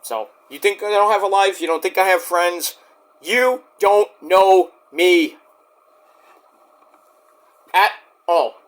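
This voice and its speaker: High-voiced man ranting defensively. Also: normal speed, a bit bright. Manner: defensive and indignant, swearing; rambling with restarts, talks straight to the viewer. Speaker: YouTube wrestling reviewer. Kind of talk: ranting vlog address to critics.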